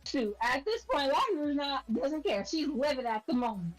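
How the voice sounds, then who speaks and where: A woman's voice: high-pitched, very animated, normal speed, faint music behind, low-quality recording. A woman playing in an online tabletop game, talking in a casual, blunt and defiant way. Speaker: player.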